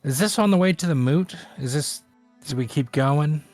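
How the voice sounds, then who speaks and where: A man's voice: fairly high pitch, expressive, normal speed, darkish tone, dry recording. Man, player, persuasive, hesitant fillers, faint background music. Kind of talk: in-character table talk.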